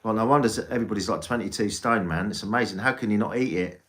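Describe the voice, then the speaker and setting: A man's voice: on the low side, very fast, fairly bright tone. An English man chatting casually on a live stream as a tarot reader, rambling and swearing freely.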